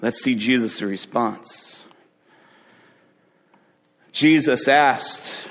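Male preacher, slow and dramatic sermon storytelling, long reverb. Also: mid-range voice, fairly bright tone. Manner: vivid storytelling, dramatic pauses.

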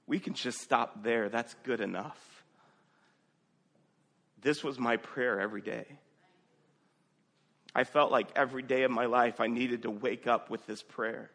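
A man's voice: lowish voice, steady tone, measured pace, gravelly, long pauses, a bit bright, in a large hall. A male pastor preaching a sermon, telling a story conversationally and reading scripture aloud.

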